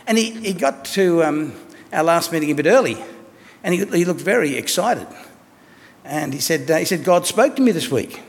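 A man preaching a sermon in a conversational, lively way, asking his listeners questions and telling stories. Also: a little high, moderate pace, gravelly. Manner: conversational, animated storytelling with rhetorical questions. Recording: long echo of a large hall.

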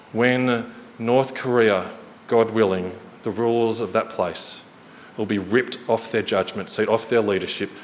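A man preaching a sermon in a church hall, earnest and storytelling, slowing and quickening for emphasis. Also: on the low side. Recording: reverberant hall, faint noise.

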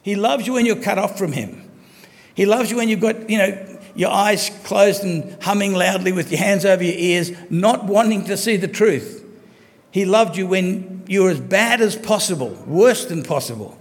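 A man preaching a sermon, earnest and emphatic, slowing down to stress key phrases. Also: sits high. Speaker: pastor. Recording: long hall reverb.

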